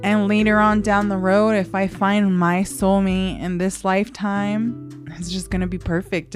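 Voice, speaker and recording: A woman hosting her own podcast, talking in a heartfelt, emotional way and laughing often. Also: mid-range voice. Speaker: podcast host. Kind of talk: solo podcast monologue.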